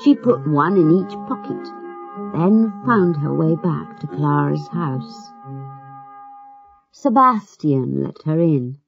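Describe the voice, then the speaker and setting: Female narrator for a learners' storybook: slow, expressive, low and slightly gravelly. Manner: measured, expressive. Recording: muffled with faint music.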